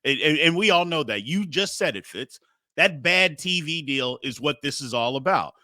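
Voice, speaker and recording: A man's voice: on the high side, lively intonation, moderate pace, pushed and bright, no room sound. A male sports talk show host making heated, emphatic points with rhetorical questions.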